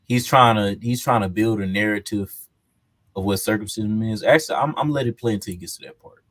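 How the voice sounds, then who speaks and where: A man's voice: lowish voice, fairly quick, fairly bright tone. A man hosting a live reaction stream, commenting on a debate clip. He laughs often and talks in a loose, mocking way.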